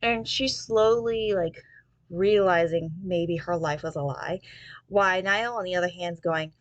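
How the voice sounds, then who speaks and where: A woman's voice: on the low side, a little slow, no room sound, muffled recording. A woman casually recapping a romance novel's plot, rambling with lots of fillers like um and basically. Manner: rambling retelling with many fillers. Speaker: book reviewer.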